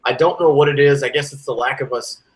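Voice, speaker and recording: A man's voice: fast, low-quality recording. A man co-hosting a sports podcast, chatting casually and ranting with rising and falling energy. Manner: animated, ranting, swings from loud to low. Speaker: podcast co-host.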